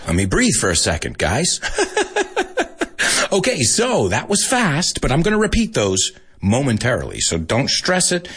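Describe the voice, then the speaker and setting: A man teaching an English lesson to Spanish-speaking students on a live stream, animated and joking, slipping into Spanish and laughing often. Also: deep voice, breathy edge.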